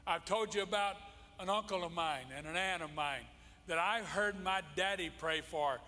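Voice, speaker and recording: Male preacher, a touch high, impassioned and repetitive sermon delivery, sanctuary echo. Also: pushed and bright. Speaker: pastor. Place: church sanctuary. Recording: long church-hall reverb.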